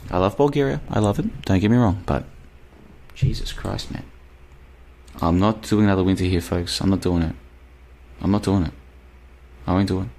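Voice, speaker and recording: Rambling Australian man, low voice. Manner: rambling, emphatic, repeats himself. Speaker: podcast host reading live chat. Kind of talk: casual live-stream chat. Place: apartment in Bulgaria.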